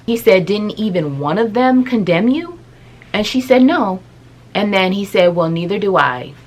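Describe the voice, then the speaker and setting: Low-voiced woman retelling Bible stories. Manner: conversational, with fillers and asides. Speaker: Bible storyteller. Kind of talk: casual storytelling.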